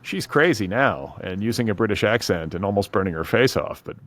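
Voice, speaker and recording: Middle-aged male podcast host, very low voice, dry and blunt in casual chat. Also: lively intonation, brisk, fairly bright tone, no echo. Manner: wry, blunt, swears casually.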